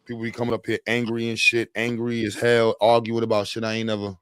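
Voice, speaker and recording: A man's voice: fairly low pitch, monotone, quick pace, clear, resonant tone, dry recording. A young man with a Brooklyn accent, hosting a casual, profane, joking chat. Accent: Brooklyn New York. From Brooklyn, New York.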